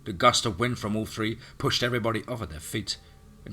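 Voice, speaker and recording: Deep, forceful male story narrator. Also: brisk, husky. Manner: forceful, dramatic reading. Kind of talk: scripted horror story narration.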